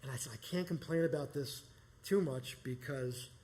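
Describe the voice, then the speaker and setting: A man's voice: on the high side, moderate pace, mellow. A middle-aged man from New York telling a personal story live, rambling and conversational with many restarts. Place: small performance space.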